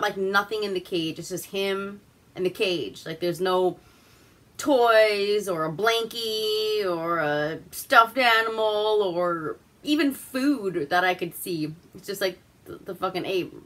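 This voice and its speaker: A woman's voice: mid-range voice, lively intonation, takes it slowly, fairly bright tone. A woman from Alaska hosting a casual movie review, rambling through the plot with crude, swearing humor.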